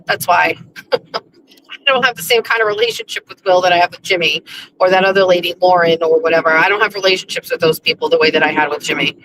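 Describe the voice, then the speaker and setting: A woman's voice: fairly low pitch, fairly quick, noisy background. A woman hosting a casual livestream from her car while driving, chatting in a rambling way with restarts and laughs. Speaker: livestream host. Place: in a car on the road.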